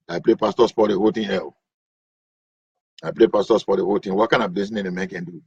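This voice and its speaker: A man's voice: on the low side, fast, slightly rough, no room sound, highs cut off. A man, a stand-up comedian telling a comic story and acting out the voices. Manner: animated, acts out voices.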